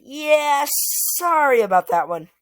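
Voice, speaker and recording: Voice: medium pitch, big pitch swings, a little slow, pushed and bright, dry recording, studio quality. A storyteller putting on a gushing young woman. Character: excited young woman, welcoming.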